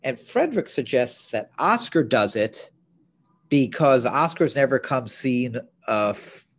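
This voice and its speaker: A man's voice: medium pitch, lively intonation, a little slow. A man co-hosting a podcast, recapping a TV episode in casual chat with blunt opinions. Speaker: podcast co-host.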